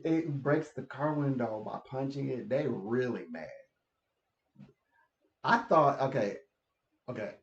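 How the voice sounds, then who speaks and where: A man talking in a casual, rambling monologue, laughing often and repeating words as he goes. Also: mid-range voice. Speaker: channel host. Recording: echoey room, slightly dull sound.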